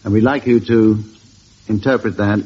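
A man's voice: lowish voice, steady tone, moderate pace, a little mellow, slightly rough. A man hosting a comedy panel game as quizmaster, announcing rounds in a mock-formal way with chuckles. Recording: dull recording with studio audience.

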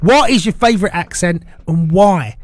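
A man hosting a local radio show, chatty and quick to laugh. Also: high voice, no echo. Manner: chatty, laughs often, excitable. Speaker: radio host. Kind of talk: casual local radio chat. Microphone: studio microphone.

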